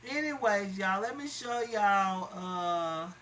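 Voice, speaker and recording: A woman's voice: medium pitch, animated, slow, a bit bright, slight background noise, rough recording. A woman chatting casually to viewers while doing her makeup. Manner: chatty, addresses viewers as y'all. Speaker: beauty vlogger. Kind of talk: casual makeup tutorial chat.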